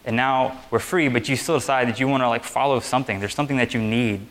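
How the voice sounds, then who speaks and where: A man's voice: medium pitch, brisk. Chatty young man giving a casual sermon. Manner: conversational, relaxed and chatty, with many fillers. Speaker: preacher. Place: meeting room with chairs.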